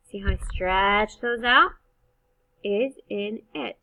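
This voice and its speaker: A woman teaching first graders to read, slowly stretching out the sounds of each word in an encouraging teacher voice. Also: medium pitch, sing-song, far from the mic. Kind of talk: slow phonics reading lesson. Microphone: computer mic on a screen-shared video. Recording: slightly dull, lo-fi sound.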